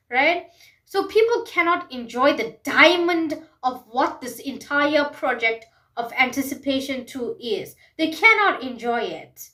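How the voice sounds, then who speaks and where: A high-pitched woman talks at an unhurried pace in a heartfelt music review. She repeats key phrases and keeps asking the listener whether they see her point. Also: a bit bright. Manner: emphatic, repeats phrases, asks rhetorical questions. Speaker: vlogger. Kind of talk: passionate music commentary monologue.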